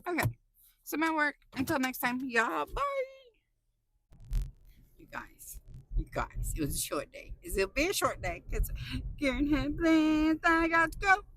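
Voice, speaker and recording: High bright chatty woman. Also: slow pace, long pauses, slight background noise, rough recording. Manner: chatty, excitable, laughs often. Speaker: vlogger. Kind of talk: casual chat while driving. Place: in a car.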